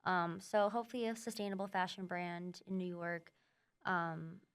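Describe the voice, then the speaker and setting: A woman's voice: fairly low pitch, steady tone, normal speed, clear, resonant tone. A woman in her twenties from the US Midwest, chatting casually in an interview with many "like" and "um" fillers. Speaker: student outreach producer.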